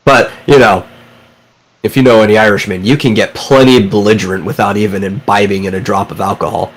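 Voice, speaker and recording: Co-host, male, lowish voice, steady and a bit preachy. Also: a little fast, poor audio. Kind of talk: casual live-stream chat.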